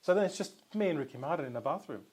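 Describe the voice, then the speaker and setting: Man telling a lively security story. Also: fairly high pitch, rapid-fire, husky. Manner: lively anecdotes with laughs. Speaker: podcast co-host. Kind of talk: casual storytelling in conversation.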